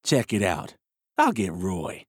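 A man doing a slow, menacing outlaw drawl. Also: deep voice, huge pitch swings, breathy edge, dry recording, studio quality, voice pushed down, heavily acted. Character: menacing tall male outlaw, smug bully.

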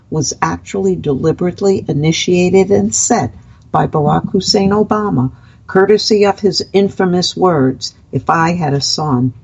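A woman's voice: mid-range voice, gravelly, darkish tone, breathy edge, muffled recording. A woman from the United States reading long prepared political commentary as a guest, with a sarcastic edge.

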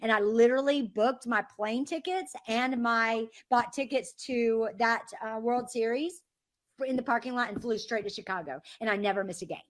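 A woman leads a sales training over a call, talking with bounce and energy. Her voice sits slightly high. She keeps acting out the messages she quotes in quick little voices. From American South. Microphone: phone or call line.

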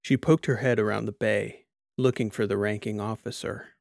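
Brief: man narrating fiction, measured pace, gravelly tone, dry close sound. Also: fairly low pitch, fairly even intonation, a little mellow, no room sound. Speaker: audiobook narrator. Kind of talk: scripted narration.

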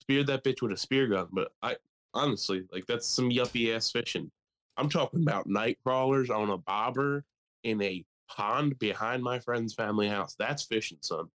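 A man's voice: mid-range voice, moderate pace, a bit bright. Crude, rambling young man chatting. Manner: crude, jokey, rambling with mocking impressions. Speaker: podcast co-host. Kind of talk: casual chat.

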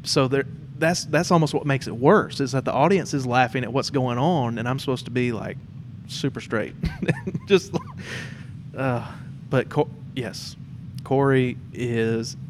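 Male podcast host, mid pitch, relaxed and rambling, faint background hum. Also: measured pace. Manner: relaxed, rambling, many fillers and restarts. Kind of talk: casual interview chat.

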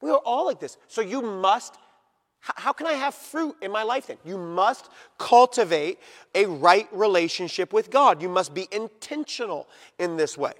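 A man preaching a sermon in a fairly high voice, addressing his listeners directly. He hammers his points with emphasis, then slows down and drops to a near hush. His voice rings out with a long reverb, as in a large hall. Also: lively intonation. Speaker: pastor.

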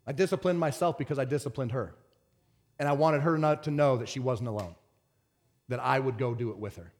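A man preaching a sermon as pastor, swinging from shouted excitement to quiet earnest talk. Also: mid-range voice, brisk.

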